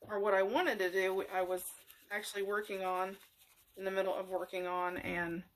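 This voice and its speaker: A middle-aged woman hosting a craft tutorial, talking casually in a rambling, halting way with many fillers and restarts. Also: medium pitch, level tone. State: emotional, near tears.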